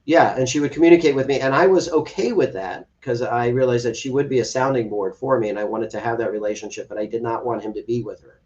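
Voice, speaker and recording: A man's voice: mid-range voice, fast talker, few pauses, darkish tone. A man speaking as a guest in an interview, telling an earnest personal story and acting out quoted dialogue. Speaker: podcast guest, adoptive father. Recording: distant, slightly dull podcast audio.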